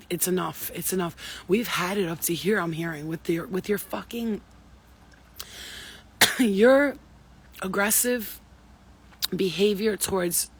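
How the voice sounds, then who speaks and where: Husky-voiced woman giving a spiritual reading. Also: on the low side. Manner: profane, emphatic, preachy. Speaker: spiritual reader. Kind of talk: intuitive spiritual reading monologue.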